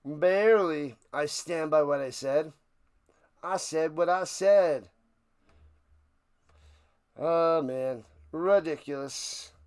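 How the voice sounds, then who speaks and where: A man hosting a live stream, giving play-by-play commentary and chatting with viewers, erupting into loud excitement on big plays. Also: on the high side, slow pace, pauses often, clean tone. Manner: chatty, answers viewers' questions. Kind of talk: play-by-play commentary with chat banter.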